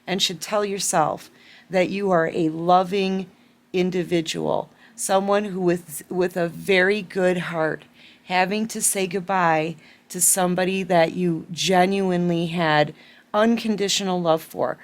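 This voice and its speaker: Woman tarot reader, unhurried, close to tears, repeats herself for emphasis. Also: fairly low pitch, fairly even intonation. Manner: emotional, tearful, repeats phrases for emphasis. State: holding back tears. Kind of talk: collective tarot reading to camera.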